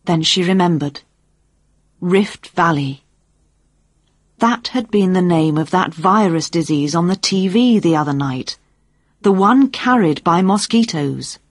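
A woman reading a story aloud as narrator, in a measured storytelling manner. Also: lowish voice, animated, husky, no echo, studio quality. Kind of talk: audiobook narration.

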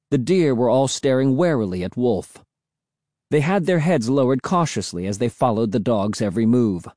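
A man's voice: mid-range voice, warm tone, no echo, clean studio sound. A man narrating a first-person story in dramatic audiobook style.

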